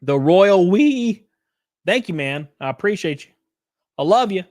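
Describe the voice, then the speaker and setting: A man's voice: high-pitched, very animated, unhurried, a little mellow, no room sound, studio quality. A man hosting a casual livestream, reading chat and news aloud with sarcastic, swearing reactions, sounding worn out and short of breath. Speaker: streamer host.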